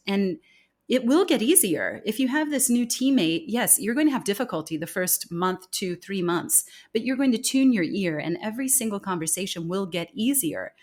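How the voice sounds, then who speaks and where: A woman, a communication consultant, earnestly explaining her views as a guest in an interview conversation. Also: mid-range voice. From United States. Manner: earnest, explanatory, acts out quoted speech.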